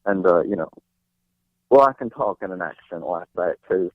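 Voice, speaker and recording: A young man with a very low voice chats loosely as an interview guest. He rambles along, full of fillers and restarts. He comes through a tinny, dry phone line. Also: animated, moderate pace, no room sound. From New Jersey. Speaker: guest actor. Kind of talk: casual interview chat.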